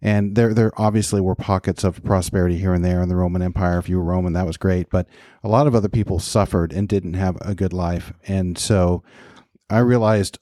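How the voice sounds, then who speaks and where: A man's voice: low voice, steady tone, a little fast, dark tone, no echo, clean studio sound. A man in his fifties co-hosting a podcast, talking reflectively in a casual conversation with frequent restarts. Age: 50s. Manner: reflective, talks with many restarts. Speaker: podcast co-host.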